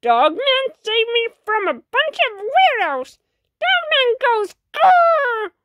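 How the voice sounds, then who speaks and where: A woman voicing an eager little boy kitten, high and bouncy, in a storybook reading. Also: big pitch swings, slow, dry recording, dull audio, heavily acted. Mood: excited.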